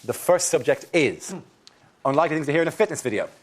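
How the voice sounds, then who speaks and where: A man hosting a comedy panel show, asking quick joking questions. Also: on the high side, lively intonation, noisy background. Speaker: host. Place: TV studio with audience. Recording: live studio audience laughter.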